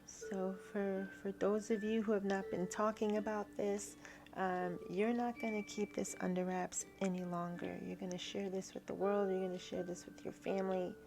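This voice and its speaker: A woman giving a spiritual tarot reading to her viewers. She talks haltingly, repeats herself and often checks in with "right?". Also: mid-range voice, little pitch movement, vocal fry, music in the background. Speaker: tarot reader.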